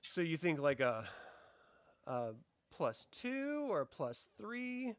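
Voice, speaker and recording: A man's voice: a little high, sing-song, slow pace, smooth, no echo. A man running a tabletop game as game master, explaining rules and narrating the action.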